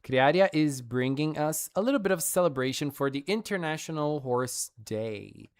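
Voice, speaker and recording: A woman's voice: deep voice, expressive, normal speed, darkish tone. A woman streamer gushing playfully over fan art in a casual showcase, laughing often.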